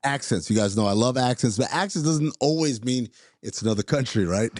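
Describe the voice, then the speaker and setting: An excitable man co-hosting a podcast, chatting casually and often repeating his words. His voice sits in a middle pitch. The sound is dry and close, with no room echo. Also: a little fast. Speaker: podcast co-host. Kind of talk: casual chat.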